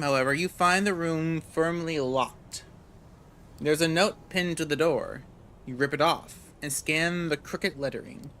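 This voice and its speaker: A man reads game narration aloud in a casual, relaxed way, often tripping over words and starting them again. His voice is bright and sharp, and it sits a little high for a man. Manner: stumbles and restarts words while reading. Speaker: gamer reading a visual novel aloud.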